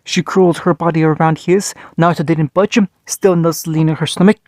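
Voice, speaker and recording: A man's voice: fairly high pitch, steady tone, normal speed, a little mellow, no echo, studio quality. A man narrating a fan fiction story in a plain reading style, with frequent small restarts.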